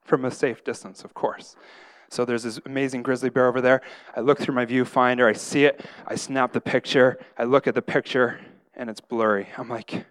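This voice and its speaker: A man's voice: mid-range voice, moderate pace, clear, resonant tone. A middle-aged man giving a casual sermon, acting out stories of his own prayers and often tagging sentences with "right?". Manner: animated storyteller, acts out his own prayers, tags lines with "right?". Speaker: pastor.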